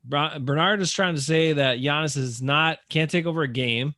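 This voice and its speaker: Bright-voiced man ranting about sports. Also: a little high, normal speed, dry recording, studio quality. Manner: animated, exasperated ranting. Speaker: podcast co-host. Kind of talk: casual sports talk.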